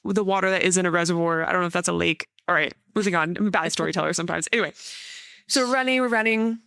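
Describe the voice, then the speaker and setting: A woman's voice: lowish voice, very fast, gravelly, fairly bright tone, no room sound, clean studio sound. A woman hosting a podcast, telling a story in a rambling, casual way with lots of fillers. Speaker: podcast host. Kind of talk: casual interview chat.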